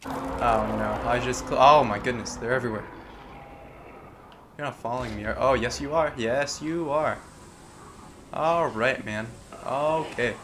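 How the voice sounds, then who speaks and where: A young man giving casual, joking commentary on a horror game, chatting to the characters and breaking into loud yelps. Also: mid-range voice, normal speed, noisy background. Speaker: gameplay commentator.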